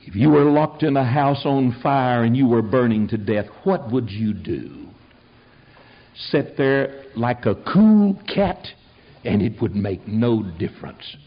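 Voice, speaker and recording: An older man preaching a sermon in a fiery, folksy way, rising to shouted peaks. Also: mid-range voice, lively intonation, slow, muffled recording. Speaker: pastor.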